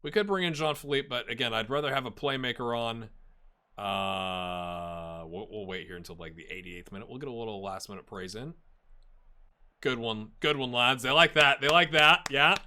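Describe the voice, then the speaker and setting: A man giving a let's-play commentary on a football management game, getting excited and chatting to his virtual players. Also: fairly low pitch, normal speed, clear, resonant tone.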